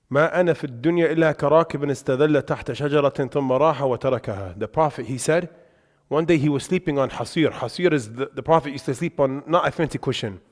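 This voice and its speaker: A man giving a religious lesson in a mosque, telling lively anecdotes with quick asides. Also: medium pitch. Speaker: religious teacher. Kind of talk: storytelling lesson to a congregation. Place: mosque hall. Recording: reverberant mosque hall.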